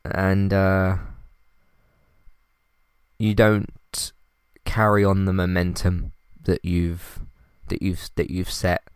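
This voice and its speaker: A man's voice: low voice, monotone, slow pace, smooth, no echo, clean studio sound. A man hosting a casual solo podcast, rambling and exasperated, sighing and restarting his sentences. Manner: frustrated, rambling, many restarts and sighs. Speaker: podcast host.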